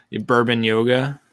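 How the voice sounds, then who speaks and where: Male live-stream host, rambling casual chatter, mid-pitched, dry close sound. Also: clean tone, dry recording. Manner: rambling, animated, lots of fillers. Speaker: podcast host.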